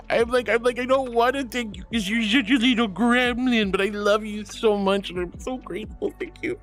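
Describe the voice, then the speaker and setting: A man's voice: high voice, a little fast, hardly any pauses, faint music behind. A man streaming live, chatting with viewers and reading their messages aloud. He talks in a gushing, affectionate way, laughs often and calls people sweetie and honey. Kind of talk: livestream chat, reading chat.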